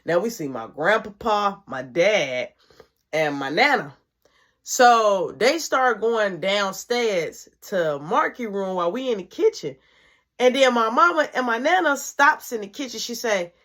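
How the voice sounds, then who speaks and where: A woman vlogger narrating a personal story in an animated way, swinging between loud and hushed. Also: mid-range voice, a little slow.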